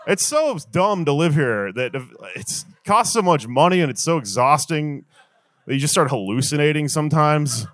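A man's voice: on the high side, animated, normal speed, fairly bright tone, dry recording. A young man doing a stand-up comedy set, rambling and swearing through an exasperated rant on a handheld stage mic.

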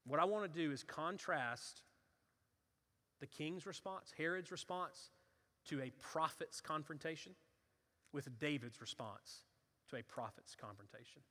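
Man, preacher, bright ringing voice, animated storytelling, long hall reverb. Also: a little high, unhurried, pauses often. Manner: animated storytelling, acts out voices, builds to fervent intensity. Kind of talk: sermon.

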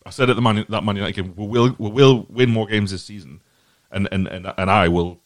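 A man's voice: on the low side, fairly even intonation, a little fast, no room sound. A man hosting a football podcast, giving his earnest opinion in a rambling way and often repeating his words. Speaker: podcast host. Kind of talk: casual football podcast chat.

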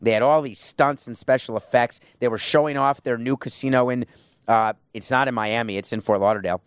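A man's voice: mid-range voice, fairly even intonation, fairly quick, clean tone, no echo, clean studio sound. A man giving his own chatty, opinionated rundown as a commentator, with self-deprecating asides.

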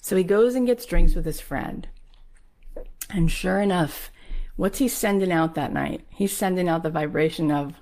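A woman's voice: fairly low pitch, moderate pace. A woman giving a motivational talk, telling a story with emphatic repetition and acting out the people in it. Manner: emphatic, repeats key phrases for punch; animated, acts out the people in the story. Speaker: motivational speaker.

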